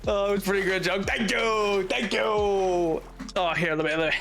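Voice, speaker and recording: A man's voice: sits high, normal speed, over music. A male streamer chatting casually on a live stream, rambling, stumbling over his words and breaking into giggles.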